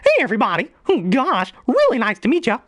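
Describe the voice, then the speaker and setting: Mickey Mouse a falsetto. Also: male voice, wildly swooping pitch, quick pace, a bit bright, heavily acted. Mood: cheerful. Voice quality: high falsetto. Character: cheerful cartoon mouse, male, bouncy.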